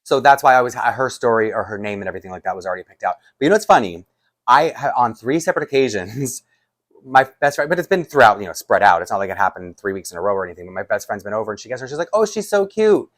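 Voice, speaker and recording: A man's voice: fairly low pitch, racing, a bit bright. A man, chatting casually to camera as a doll collector, rambling with many restarts and light laughs. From Canada.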